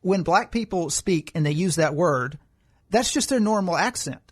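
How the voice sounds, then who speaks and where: A man's voice: sits high, animated, moderate pace, husky. A man co-hosting a political commentary podcast, explaining his views at length in an argumentative way. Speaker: podcast co-host.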